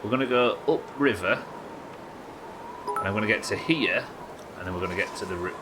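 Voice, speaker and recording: A man's voice: lowish voice, a little fast, noisy background. A man chatting casually and swearing while he talks through a game on a live stream. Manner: chatty, swearing, thinking aloud. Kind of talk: casual gameplay commentary.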